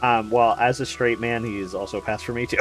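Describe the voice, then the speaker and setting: A man's voice: mid-range voice, steady tone, brisk, over music. A man streaming a video game, rambling and joking with casual commentary, swearing and laughing often. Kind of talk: casual let's-play commentary.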